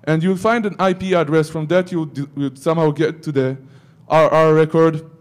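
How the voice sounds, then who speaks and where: A man's voice: fairly high pitch, fairly even intonation, normal speed. A man giving a security conference talk, breaking into joking asides to the audience. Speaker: conference speaker.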